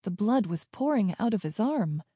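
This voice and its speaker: A woman narrating a first-person story in a tense, hushed way, close to the mic. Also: mid-range voice, lively intonation, moderate pace, slightly rough, dry recording. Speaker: audiobook narrator.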